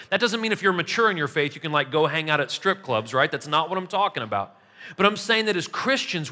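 A man preaching a sermon in a conversational, animated way, often checking in with the listeners. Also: high voice, long reverb tail. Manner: conversational, animated preaching with frequent "right?" asides. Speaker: pastor.

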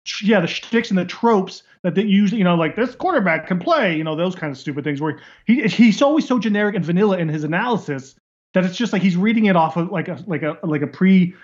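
A man with a high voice talks quickly in casual sports chat, stumbling and restarting his sentences. His audio sounds dull and lo-fi. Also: expressive, a little mellow. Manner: halting, many restarts. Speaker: podcast co-host.

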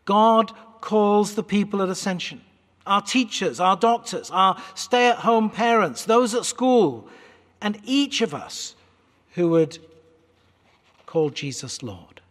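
A British man in his fifties delivers a sermon from the pulpit in a fairly high, very animated voice. He is articulate and earnest, slipping in wry asides. His words echo through a large church hall. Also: slow pace. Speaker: pastor.

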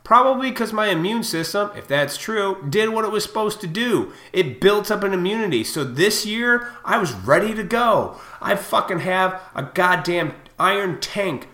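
A man in his thirties delivering a profane, heated rant to camera, swinging between loud outbursts and quieter reflective stretches. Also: high voice, animated, moderate pace, hardly any pauses. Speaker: vlogger. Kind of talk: profane ranting monologue. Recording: echoey room.

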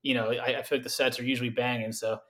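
A man as a guest in a casual podcast chat, relaxed and swearing casually. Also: mid-range voice, rapid-fire.

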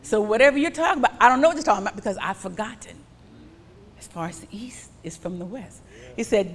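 A woman preaching an animated sermon with call-and-response from the congregation. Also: mid-range voice, fast. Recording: long hall reverb.

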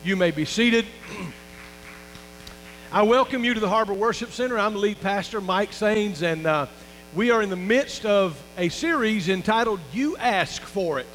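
Male pastor, folksy sermon style, higher voice, faint hum behind. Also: animated, measured pace, a bit bright, in a large hall, low-quality recording. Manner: folksy preaching, calls for amens, restarts and fillers. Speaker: lead pastor. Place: church sanctuary.

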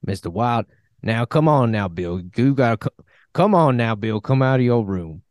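A man's voice: medium pitch, lively intonation, normal speed, darkish tone, no room sound, lightly acted. Man doing a drawling frontier saloon guy, crude, pleading, dry close sound. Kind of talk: comic impression.

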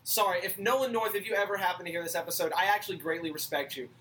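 A woman co-hosting a casual podcast, excitable and quick to swear. She laughs often. Her tone is bright, with a faint hiss of noise behind her. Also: on the low side, rough recording. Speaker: podcast co-host. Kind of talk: casual chat.

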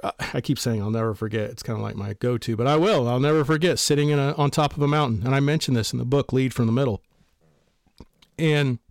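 A man lectures in a blunt, emphatic, somewhat preachy way, giving motivational advice on a podcast. His voice sits at an ordinary pitch. It is recorded close and dry, with no room sound. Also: no echo. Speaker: podcast host and author. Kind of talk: motivational talk on leadership.

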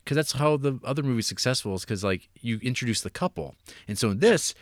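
A young man co-hosting a casual film review chat, animated and exasperated, swearing freely. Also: medium pitch, fast, no room sound, clean studio sound. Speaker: podcast co-host.

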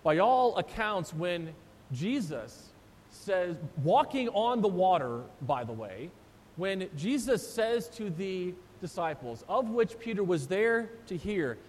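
A pastor preaching a sermon, retelling the story with animated voices for the disciples. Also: male voice, takes it slowly. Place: church sanctuary. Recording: long church reverb, faint rumble.

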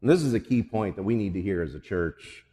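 A man's voice: fairly low pitch, lively intonation, a little fast, warm tone, in a large hall. A male pastor preaching a sermon, telling a story and then pressing emphatic, repeated questions on the congregation.

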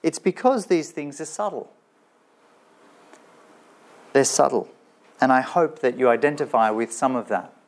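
Man, preacher, sermon, conversational, rhetorical questions, medium pitch. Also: measured pace, long pauses. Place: church with slides shown.

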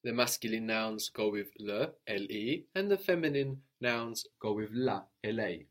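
A man teaching a language lesson, patiently modeling pronunciation slowly and asking a student to repeat. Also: fairly low pitch, expressive.

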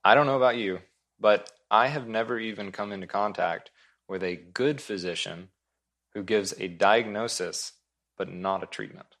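A male pastor delivers a sermon in a low, deep voice. He speaks earnestly and with emphasis. He repeats his main points for weight. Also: moderate pace, a bit bright.

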